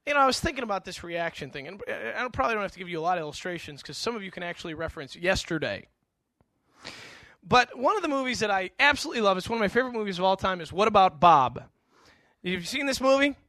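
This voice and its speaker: A man's voice: sits high, big pitch swings, fast, pushed and bright, no echo. A middle-aged male pastor giving a conversational sermon, telling stories with animation and frequent stammered restarts.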